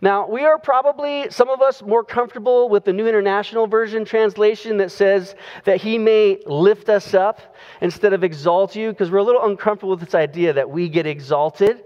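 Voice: medium pitch, brisk, dull audio. Conversational preacher in a reverberant hall. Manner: conversational, drawing out key phrases. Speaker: pastor. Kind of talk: sermon.

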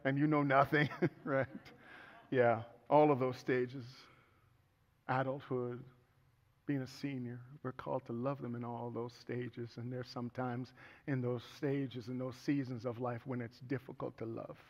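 A man's voice: medium pitch, little pitch movement, measured pace. A middle-aged man preaching a sermon as pastor, telling stories with humor and earnest turns. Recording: echoey hall, dull sound.

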